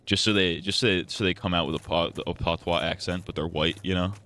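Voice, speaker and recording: A low-voiced man chats casually while playing a game on a live stream. He rambles from joke to joke and keeps poking fun at himself. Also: steady tone, fairly quick, fairly bright tone. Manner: rambling, joking, self-mocking.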